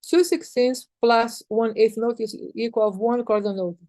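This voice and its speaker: Give me a woman music teacher explaining rhythm notation patiently, a bit high, dry close-mic sound. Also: steady tone, moderate pace, warm tone, no room sound. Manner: patient, repetitive, counts and sings rhythms on "ta".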